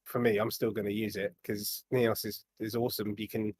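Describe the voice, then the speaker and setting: A British man hosting a casual podcast, talking in an excited, chatty way and laughing easily. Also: on the low side, fairly quick, husky, dry recording.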